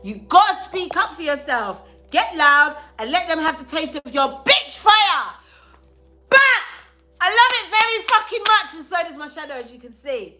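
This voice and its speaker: A young woman giving a live tarot reading to viewers, loud, profane and animated, with a sore throat. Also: high voice, normal speed. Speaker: tarot reader.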